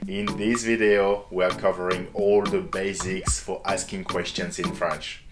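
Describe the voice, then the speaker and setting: A man teaching a beginner French lesson, clearly modeling French example phrases and questions. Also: deep voice, level tone, a little slow, over music. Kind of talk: scripted online language lesson.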